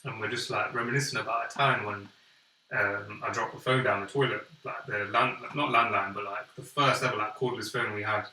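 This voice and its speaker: A man's voice: fairly low pitch, fairly even intonation, fairly quick, pushed and bright, far from the mic, slight background noise. A young man co-hosting a podcast, telling a story in casual chat and acting out quoted lines with animation. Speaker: podcast co-host. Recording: echoey room, off-mic.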